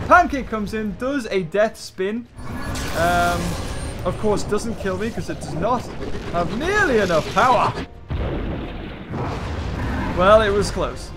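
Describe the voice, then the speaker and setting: A British man giving chatty, excitable let's-play commentary from his bedroom at home, thinking out loud and laughing often. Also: sits high. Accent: British English. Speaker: gaming channel host.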